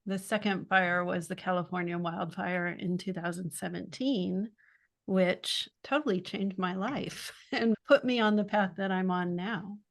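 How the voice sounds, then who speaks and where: A woman in her sixties, a children's author guesting on a podcast, talking in a reflective, warm way with light laughs between thoughts. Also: on the low side, measured pace, vocal fry. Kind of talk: conversational interview.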